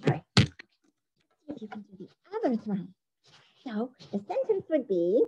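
A woman teacher giving a recorded phonics dictation lesson, playful and spelling things out clearly. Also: sits high, rough recording.

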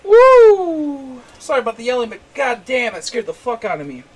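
A young man giving let's-play commentary, excitable and swearing a lot, chatting to the creatures on screen and yelling at surprises. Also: extremely high pitch, fast talker, slight background noise. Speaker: game streamer.

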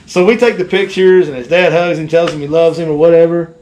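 A fishing guide telling a story in casual chat, animated and acting out the people in it. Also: male voice, a little high, a little fast.

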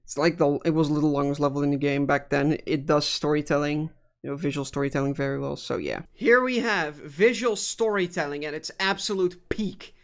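A man's voice: on the high side, fairly quick. A young man giving casual, sarcastic gameplay commentary as a gaming YouTuber, swearing and laughing often while he plays and ranks levels.

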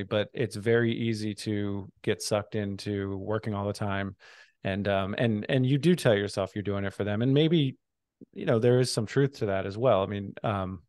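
Male interview host, lower pitch, dry close sound, reflective, lots of "sure" and "mm-hmm". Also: a little mellow, no echo. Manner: brief affirmations, reflective. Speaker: podcast host.

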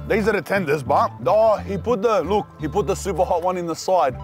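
A young man with an Australian accent hosting a casual food vlog outdoors, talking in excited slang to the viewer. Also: a little high, moderate pace, soft background music. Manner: excited slangy banter, calls the viewer cuz and bro. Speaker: food vlogger host. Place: outdoors at street food trucks.

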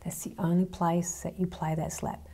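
A woman teaching hand drum rhythms, calmly counting out strokes and hand patterns. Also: lowish voice, moderate pace. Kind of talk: hand drumming lesson.

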